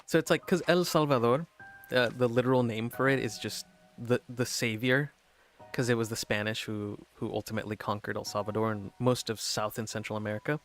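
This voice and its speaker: A man's voice: on the low side, flat delivery, fairly quick, a bit bright, soft background music. Rambling man chatting while gaming. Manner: rambling, many restarts and fillers, laughs often. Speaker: gaming streamer. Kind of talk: casual chat while playing a game.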